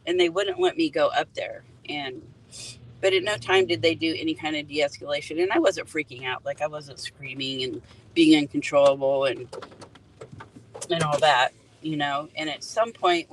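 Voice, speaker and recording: A woman's voice: sits low, normal speed, rough recording. A middle-aged woman, an EMT and grieving mother, earnestly recounting details and pointing out spots from a parked car by the road. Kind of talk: emotional first-person account at a roadside.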